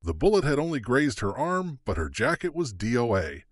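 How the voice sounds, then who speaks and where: A man's voice: medium pitch, very animated, normal speed, few pauses, dry recording, clean studio sound. A man narrating an audiobook thriller dramatically, his pacing shifting with the action. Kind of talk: scripted narration.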